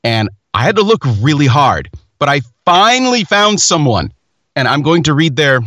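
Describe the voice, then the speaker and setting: A man's voice: fairly high pitch, very animated, normal speed, fairly bright tone, dry recording, clean studio sound. A man hosting a casual chat, telling rambling stories with self-mocking humor.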